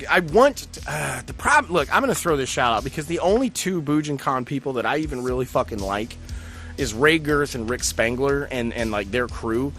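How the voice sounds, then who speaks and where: A man's voice: mid-range voice, fairly bright tone. A man hosting a podcast in rambling, profane casual chat, often laughing and mocking others. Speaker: podcast host.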